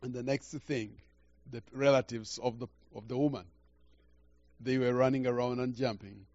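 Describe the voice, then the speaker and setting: An older man preaching a sermon through a story, halting and repeating words, swinging from quiet to loud. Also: mid-range voice, steady tone, highs cut off, slight background noise. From Uganda.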